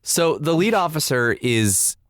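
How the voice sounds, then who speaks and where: A man's voice: fairly high pitch, lively intonation, a little slow, fairly bright tone. A male podcast co-host in casual comedic chat, tossing in laughing, teasing asides.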